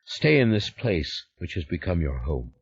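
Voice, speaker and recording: A man's voice: sits low, sing-song, normal speed, breathy edge, muffled recording. A man narrating a thriller audiobook in the first person, with a grave, brooding reading.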